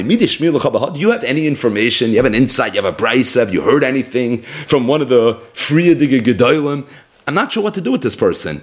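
Man teaching Talmud, lively and conversational. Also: on the high side. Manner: lively, conversational, chants Aramaic then paraphrases. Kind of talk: Talmud class, translating and explaining.

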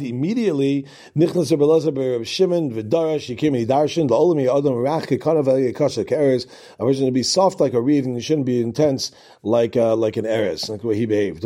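A man's voice: mid-range voice, brisk, dark tone. A man teaching a Talmud class, reading each passage aloud and then explaining it in casual English, with asides and restarts.

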